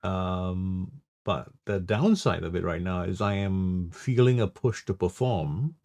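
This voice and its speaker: A man with a low voice talks through his trades live as the stream's host. His voice has a gravelly fry, and he thinks aloud in a halting way, restarting and trailing off. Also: darkish tone. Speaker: trading livestream host. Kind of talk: live trading commentary.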